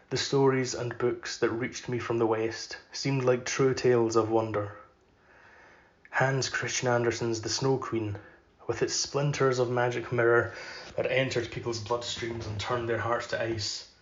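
Male podcast host doing an unhurried literary reading, mid-pitched voice, roomy and slightly muffled recording. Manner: measured, unhurried reading; loose and filler-heavy when chatting.

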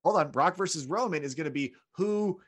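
A man co-hosting a casual wrestling podcast, animated and quick to act out the people he talks about. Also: fairly high pitch. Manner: animated, acts out wrestlers with loud put-on voices. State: unemployed. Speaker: podcast co-host.

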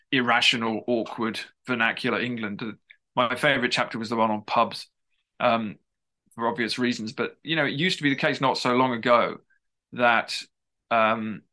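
A man's voice: mid-range voice, bright, forceful tone. A man being interviewed as an author, talking at length in an emphatic, discursive way with frequent restarts. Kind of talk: conversational interview.

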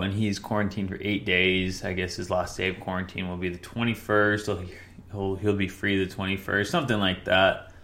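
This podcast host is a young man whose low voice is a bit bright. Alone on his casual sports show, he rambles along with lots of fillers and keeps correcting himself.

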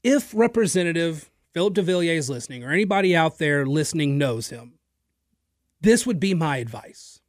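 On a studio microphone with no room sound, a male radio talk show host delivers an emphatic, opinionated political monologue directly to his listeners. His voice sits on the high side, animated and at a moderate pace, and he slips in the occasional filler and repeated word.

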